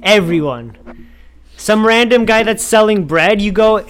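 A man's voice: sits high, lively intonation, normal speed. A man co-hosting a podcast in casual chat, laid-back with slang and stumbling restarts. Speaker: podcast co-host.

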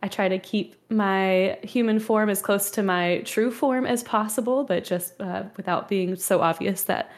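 A woman playing a tabletop role-play, relaxed and explaining at length. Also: mid-range voice, measured pace, few pauses. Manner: relaxed, explaining, laughs often. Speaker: player.

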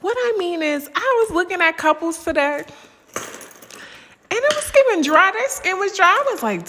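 Bawdy, laughing woman with a lively voice. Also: extremely high pitch, big-room sound, slight background noise. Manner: bawdy, laughing, drawn-out swooning sighs. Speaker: vlogger. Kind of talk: casual monologue.

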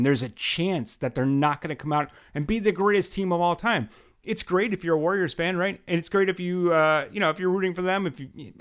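A man co-hosting a casual sports chat, blunt and swearing, laughing often. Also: high-pitched. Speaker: podcast co-host.

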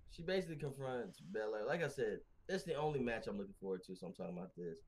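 A man co-hosting a casual wrestling podcast over a remote call, talking in a rambling, slangy, animated way and laughing often. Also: mid-range voice, fast, slightly rough. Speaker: podcast co-host. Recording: remote call with glitchy connection.

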